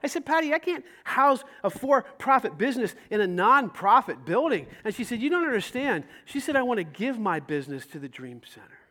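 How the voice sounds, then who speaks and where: High-voiced animated male pastor. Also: a little fast, hardly any pauses. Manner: animated storytelling, acting out dialogue, rising to loud emphasis. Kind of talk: sermon. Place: church sanctuary.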